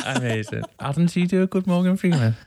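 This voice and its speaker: A man's voice: on the high side, lively intonation, fast talker, darkish tone. A man hosting a podcast, chatting casually with enthusiasm and jokes. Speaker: podcast host. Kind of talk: casual chat.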